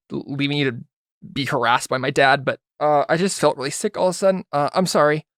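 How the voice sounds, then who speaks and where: A man's voice: on the high side, steady tone, moderate pace, fairly bright tone, no echo, studio quality. A man voicing an embarrassed, apologetic teenage girl who talks in a flustered way.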